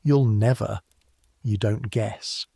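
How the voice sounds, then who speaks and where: An excitable young servant lad, bursting with court gossip, talks eagerly with his mouth full, as a man narrating a bedtime story puts him on. His voice is low and gravelly, and the recording is dry and close. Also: slow, no room sound, heavily acted. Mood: excited gossip.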